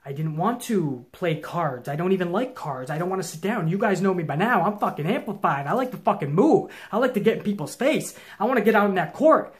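A young man hosting his own show, telling a long story to viewers in a casual, profane, intense way that swings from low mutters to loud challenges. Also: expressive, a little fast, few pauses. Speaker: show host.

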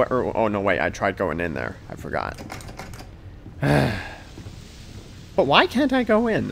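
A man's voice: mid-range voice, vocal fry, a bit bright, slight background noise. A man playing a video game and commenting, rambling and talking to himself playfully. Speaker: gaming video creator. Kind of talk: let's play commentary.

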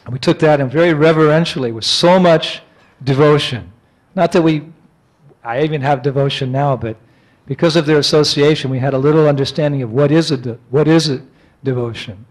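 An American man giving a storytelling lecture as a spiritual teacher. He acts out quoted speech in excited cries and drops to hushed tones at emotional moments. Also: a little high, a little fast, low-quality recording. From United States.

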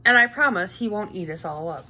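A woman voicing a patient, reassuring cat father in a storybook read-aloud, explaining calmly. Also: medium pitch, fairly quick, slight background noise.

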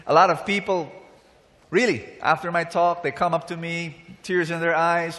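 A man's voice: a little high, moderate pace, a bit bright. A man preaching to a crowd, speaking emphatically and calling for their responses. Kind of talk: sermon. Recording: reverberant hall.

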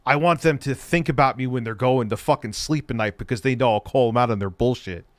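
A male livestream host in a heated, swear-filled rant, swinging between flat muttering and loud outbursts. He says he is stoned, and his mid-pitched voice sits close and dry on the mic. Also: fairly quick, no room sound. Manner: profane, angry, shouting at times.

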